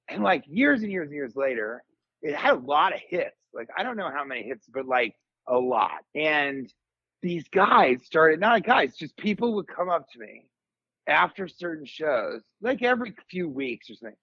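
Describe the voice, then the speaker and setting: Comedian guest, man in his forties, a bit high-pitched, rambling animated storyteller on a dry, dull podcast mic. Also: normal speed, slightly rough, no echo. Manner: rambling, animated storyteller, jumps into high comic voices for quotes. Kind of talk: casual podcast chat.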